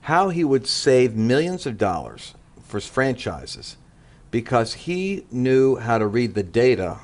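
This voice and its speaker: Guy from the us northeast, guest on a talk show, lively storyteller, does voices of people, trips over words a lot. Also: medium pitch, unhurried. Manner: energetic storyteller, acts out quotes, frequent restarts. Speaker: guest speaker. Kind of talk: animated conversational teaching.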